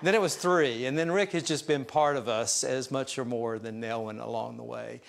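A man's voice: mid-range voice, moderate pace, vocal fry. A male pastor preaching a sermon, telling stories in a folksy, self-deprecating way. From US South mountain region. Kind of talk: sermon storytelling.

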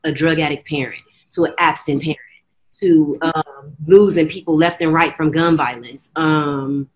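A young woman from the United States telling her story in an earnest, fast-flowing way, often slipping into quoted dialogue. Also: low voice, fairly even intonation. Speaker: guest. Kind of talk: candid personal storytelling.

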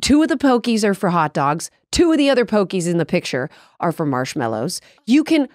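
A woman hosting a podcast, telling stories in a playful, animated way. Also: mid-range voice, fairly quick, dry recording, clean studio sound. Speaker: podcast host. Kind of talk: casual chat.

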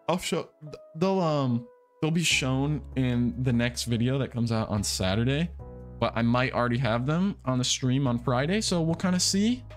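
A man's voice: mid-range voice, moderate pace. A young man hosting a game livestream, talking casually and rambling, often restarting and repeating his words. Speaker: livestream gamer host. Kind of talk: casual livestream chat while playing. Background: soft background music.

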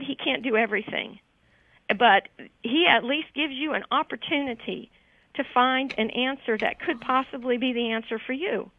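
A woman's voice: on the high side, moderate pace, no room sound. A woman calling in to a radio show, giving a heartfelt, grateful testimonial in an emotional voice. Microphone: telephone. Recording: tinny phone line.

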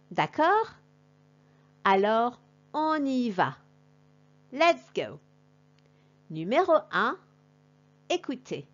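A woman teaching a language lesson to a class, talking slowly and deliberately in an encouraging way. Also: mid-range voice, sing-song, a bit bright, lo-fi sound.

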